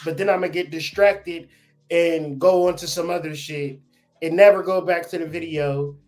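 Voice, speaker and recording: A man in casual podcast chat, blunt and profane, telling lively stories as the guest. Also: fairly high pitch, unhurried, faint music behind. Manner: blunt, profane, animated storytelling.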